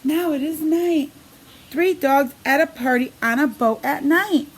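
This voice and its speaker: Her pitch is high as she, a preschool teacher, reads a picture book to small children in a singsong way, pausing to pose questions to them. Some faint background noise can be heard.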